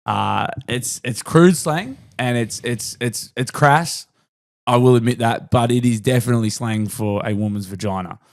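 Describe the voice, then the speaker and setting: A man's voice: medium pitch, moderate pace, creaky. A man co-hosting a podcast who chats casually, swears freely and laughs easily. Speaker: podcast co-host. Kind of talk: casual chat.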